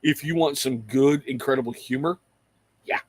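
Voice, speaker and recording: A man's voice: medium pitch, moderate pace, dry recording. A middle-aged man hosting a livestream, chatting casually and rambling to viewers, calling out their names and swearing freely. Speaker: livestream host.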